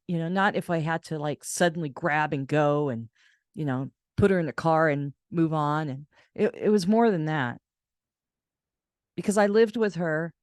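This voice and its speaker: Animated low-voiced woman telling a story. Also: dry recording, studio quality. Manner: animated, acts out quoted voices in a higher pitch. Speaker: caregiver and channel host. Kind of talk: casual storytelling vlog.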